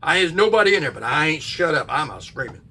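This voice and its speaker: A middle-aged man, telling a childhood ghost story in a folksy, drawn-out way with sudden bursts. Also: fairly high pitch, very animated, bright, forceful tone, far from the mic, slight background noise. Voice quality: gravelly, husky. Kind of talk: casual spoken ghost story.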